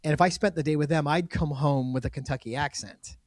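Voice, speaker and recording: A man from the American Midwest co-hosting a podcast, chatting in a relaxed way with drawn-out asides. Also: fairly high pitch, no echo. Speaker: podcast co-host. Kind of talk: casual chat.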